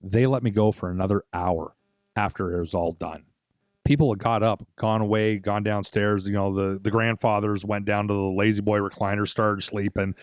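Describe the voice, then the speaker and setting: In a studio-quality recording with no room sound, a man in his forties who co-hosts a podcast recounts a childhood holiday in relaxed conversation. He speaks at a moderate pace in a lowish voice. Animated and swearing a lot, he performs the quoted voices of the people in the story.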